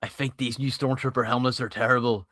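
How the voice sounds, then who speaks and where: A man's voice: mid-range voice, little pitch movement, quick pace, fairly bright tone. A man co-hosting a casual livestream, joking bluntly and laughing often. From United Kingdom.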